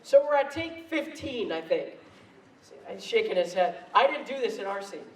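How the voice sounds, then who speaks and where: A man's voice: sits high, animated, normal speed, far from the mic, slight background noise. A man speaking on stage at a convention, telling laughing, self-mocking anecdotes into a handheld mic, recorded in an echoey hall from afar. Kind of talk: storytelling convention talk.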